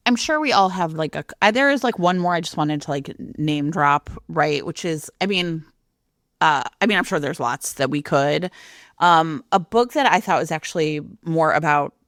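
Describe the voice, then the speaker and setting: A woman co-hosting a book podcast, recommending a novel in relaxed chat with hesitant fillers. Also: low-pitched, moderate pace, no room sound, clean studio sound. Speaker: podcast co-host.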